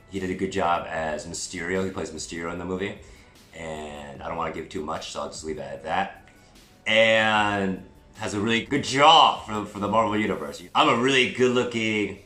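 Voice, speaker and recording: A man's voice: low voice, bright, forceful tone. A man giving a chatty, digressive movie review vlog, with self-deprecating asides. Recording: roomy echo with faint music.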